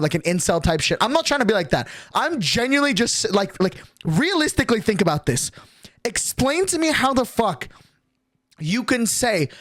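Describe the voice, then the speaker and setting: A young male streamer rants about a story in a high-pitched, somewhat bright voice with big pitch swings, speaking fairly quickly. He's casual, exasperated, and profane, rambling and restarting often. The audio is studio quality with no room sound.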